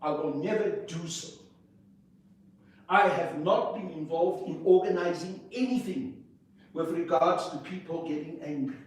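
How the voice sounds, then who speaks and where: A man, speaking as an interview guest in a forceful, indignant way, piling up rhetorical questions. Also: fairly high pitch, a little slow. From South Africa. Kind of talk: impassioned political interview. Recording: echoey room, distant mic, faint noise.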